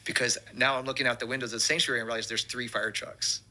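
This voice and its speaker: A man, a pastor telling an animated testimony story and acting out the quotes. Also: mid-range voice, fast.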